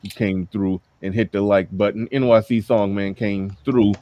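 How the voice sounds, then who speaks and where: A man's voice: lowish voice, steady tone, moderate pace, mellow. An American man hosting a livestream, chatting loosely and rambling, laughing often and repeating himself. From United States. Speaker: livestream host. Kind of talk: casual livestream chat.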